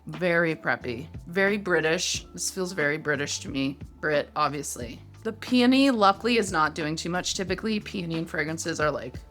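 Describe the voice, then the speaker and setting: A woman's voice: on the low side, a bit bright. A woman in her thirties chatting expressively as she reviews perfumes in a casual vlog, reacting aloud as she smells each one. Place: home room with a fan running.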